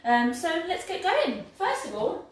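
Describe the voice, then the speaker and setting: Brief: cheerful English woman, high voice, baking livestream host, far from laptop mic, faint room noise. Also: huge pitch swings, a little slow, very echoey. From England. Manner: bubbly, chatty, self-mocking. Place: home kitchen. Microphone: laptop mic from across the room.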